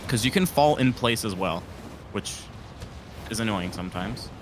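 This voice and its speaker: A man's voice: fairly low pitch, lively intonation, moderate pace, background noise. A man co-commentating a live game stream with dry, offhand remarks. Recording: game music playing behind the voice.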